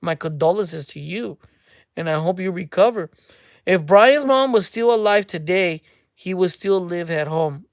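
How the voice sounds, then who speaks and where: A woman's voice: fairly low pitch, expressive, unhurried, no room sound. Dry-voiced woman ranting on camera. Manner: mocking, speculative, repeats phrases. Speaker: commentary channel host. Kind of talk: casual commentary rant.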